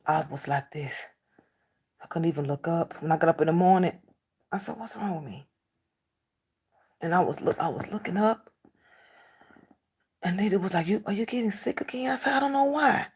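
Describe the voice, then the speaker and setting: Low husky woman with a gravelly voice. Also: expressive, moderate pace, pauses often, darkish tone. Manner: emphatic, repeats herself, acts out quoted dialogue. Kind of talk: casual monologue to camera.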